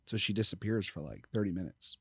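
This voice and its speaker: A man's voice: sits low, very animated, brisk, gravelly, a bit bright, slightly rough, no echo, clean studio sound. A middle-aged man speaking as a podcast guest, telling stories in a candid, casual way, swearing freely and acting out quoted dialogue. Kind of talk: casual storytelling.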